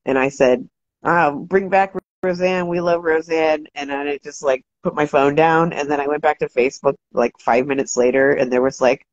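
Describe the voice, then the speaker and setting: A woman hosting a casual livestream, talking fast and loose, swearing freely and ranting, shouting out viewers. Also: sits low, dry recording. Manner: profane, animated, ranting. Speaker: livestream host. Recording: dry, dull lo-fi sound.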